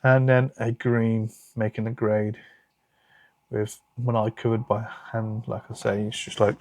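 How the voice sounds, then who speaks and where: A man's voice: lowish voice, level tone, a little slow, darkish tone, dry recording. A British man with a British accent hosting a casual card-opening video, chatting and muttering asides to himself. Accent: British English. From United Kingdom. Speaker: card collecting channel host.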